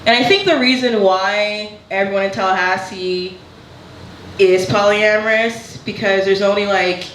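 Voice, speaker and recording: A woman performing stand-up, talking in a loose, candid way and chuckling through her lines. Her voice sits at a mid pitch. The sound is echoey and roomy, with noise in the background. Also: fairly even intonation, a little slow, a bit bright. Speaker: stand-up comedian. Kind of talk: stand-up comedy set.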